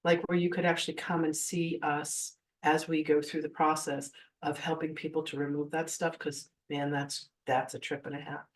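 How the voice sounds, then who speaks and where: Woman, 50s, spiritual teacher giving a class, animated storyteller who voices her quotes, recorded from a distance. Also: sits low, normal speed, hardly any pauses. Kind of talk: live masterclass storytelling.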